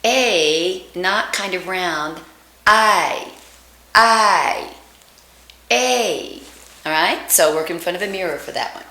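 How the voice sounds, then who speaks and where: A woman, an acting coach giving a lesson and slowly sounding out vowels to demonstrate them. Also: fairly low pitch, steady tone, pushed and bright. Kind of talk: accent reduction lesson. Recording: echoey room.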